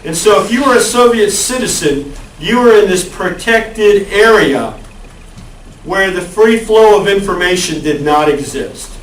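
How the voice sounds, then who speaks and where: Recorded at a distance in an echoey classroom with slight background noise, a man gives a conversational college lecture, putting questions to his students. His voice is high and a little slow.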